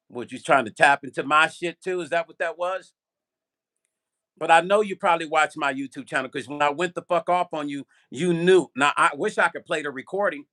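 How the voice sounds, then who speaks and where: An older man hosting a vlog, telling a story straight to his viewers in an animated, profane way. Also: high-pitched. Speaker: vlog host. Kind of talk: casual livestream storytelling.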